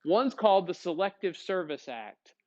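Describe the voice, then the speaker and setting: A lively male history teacher lecturing his class, his voice sitting fairly high for a man. He keeps throwing questions at the students as he goes. The recording is dull and lo-fi. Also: normal speed. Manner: energetic, asks questions to the class.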